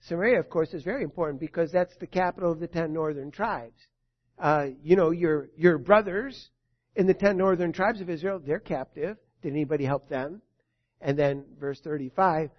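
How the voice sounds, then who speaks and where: A male pastor preaching a sermon in an earnest way, moving between soft and emphatic. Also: a little high, normal speed. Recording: dull lo-fi recording.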